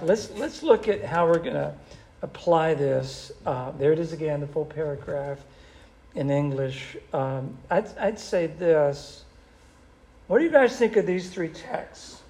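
A man preaching a sermon in an animated, conversational way, with a gravelly voice. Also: on the high side. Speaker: pastor.

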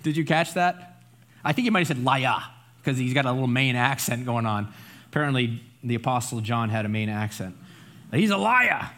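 A man's voice: mid-range voice, fairly even intonation, fairly quick, a bit bright. A man preaching a Bible study sermon in a conversational, emphatic way, often adding asides and tag questions. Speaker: pastor.

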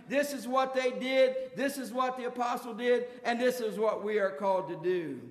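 A man preaching a sermon in a folksy, colloquial storytelling manner. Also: high voice. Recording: echoey hall with long reverb.

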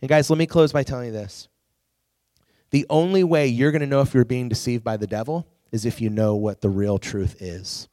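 A youth pastor speaks to a youth group at a moderate pace in a mid-range voice, telling animated stories and acting out quotes. His recording is clean studio sound with no echo.

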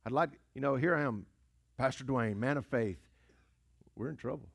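Speaking at a moderate pace with a medium pitch and vocal fry, this male pastor tells his sermon as a story. He leans on repetition, rhetorical questions and call-and-response.

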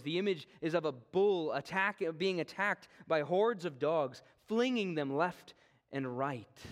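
A man with a somewhat higher voice delivers an earnest expository sermon. He often lets his voice sink low and quiet as he finishes a phrase, then lifts it again for the next point. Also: expressive, measured pace. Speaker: preacher.

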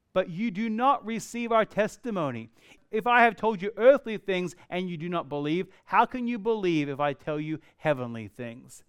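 A man preaching a sermon earnestly, swinging from loud emphasis to quiet, slow passages. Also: on the high side, smooth, dry recording, clean studio sound. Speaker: pastor.

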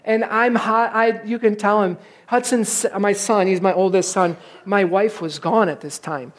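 A middle-aged man preaching a sermon in a church. He tells stories with lively energy and pokes fun at himself, sometimes acting out his own frustration. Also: high voice, normal speed. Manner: animated, self-mocking storyteller who acts out his frustration. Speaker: pastor. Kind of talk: sermon with a personal story.

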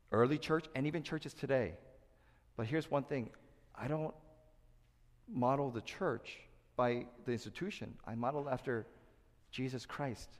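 A middle-aged man delivers a sermon as pastor, his mid-range voice carried by long reverb through a church sanctuary. He jumps loud and high when acting out other people's words, then falls soft and low for the serious parts. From Korea.

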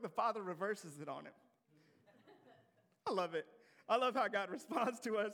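A young adult man preaching a sermon, reading scripture and teaching from it, swinging from hushed lines to loud emphatic climbs. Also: high-pitched, expressive, normal speed, creaky, pauses often. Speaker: pastor.

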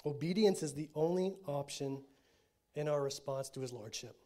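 A pastor preaching in a fairly high male voice. He keeps his sermon conversational and often checks in with his listeners. He drops to quiet, low lines and then rises to loud, stressed declarations. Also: moderate pace. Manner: conversational preaching with frequent check-ins to the congregation; swings between quiet, low statements and loud, emphatic declarations.

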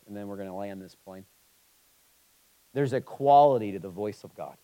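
A man preaching a sermon, moving between emphatic, passionate stretches and quiet, somber ones. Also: fairly low pitch, poor audio. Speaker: pastor.

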